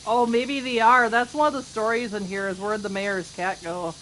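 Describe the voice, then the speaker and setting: A woman's voice: mid-range voice, steady tone, moderate pace, fairly bright tone, slight background noise. A woman game streamer chatting casually with her viewers as she plays, giggling often and teasing playfully. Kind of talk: casual chat while gaming.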